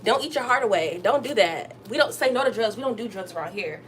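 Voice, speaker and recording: A young woman hosting a casual livestream from her kitchen while she cooks, chatting straight to her viewers and jumping up high to greet them. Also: expressive, fast talker, slight background noise. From Texas. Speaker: livestream host. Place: home kitchen.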